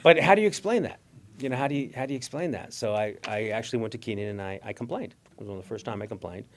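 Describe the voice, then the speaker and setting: A man's voice: on the low side, steady tone, rapid-fire, darkish tone. A middle-aged Mexican-American man telling stories in a talk, acting out voices and laughing often. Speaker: guest speaker. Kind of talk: storytelling talk.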